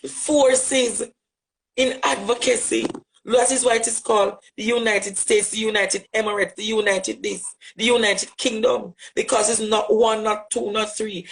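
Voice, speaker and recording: A man with a Jamaican accent, giving an impassioned direct address as a social media commentator, forceful and rhetorical, repeating phrases for emphasis. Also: high-pitched, creaky, rough recording.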